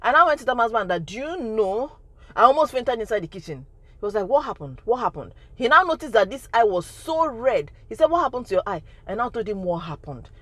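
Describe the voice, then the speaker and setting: A woman's voice: on the high side, sing-song, brisk, fairly bright tone, no echo. A woman in her thirties with a Nigerian accent, telling a storytime testimony in an emphatic way that repeats phrases for effect. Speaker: vlogger.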